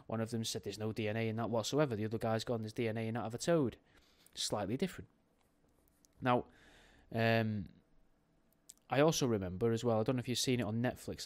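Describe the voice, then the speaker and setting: Guy chatting on his podcast, rambly and jokey, trips over his words a lot. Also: medium pitch. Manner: rambling, jokey, self-correcting. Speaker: podcast host. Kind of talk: casual podcast chat.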